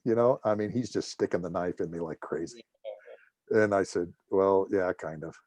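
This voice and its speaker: Telling funny stories at a guest talk, a middle-aged man who once served as an air force officer jokes and performs the dialogue of each character with lively energy. He speaks at medium pitch and normal speed, with no echo on the recording.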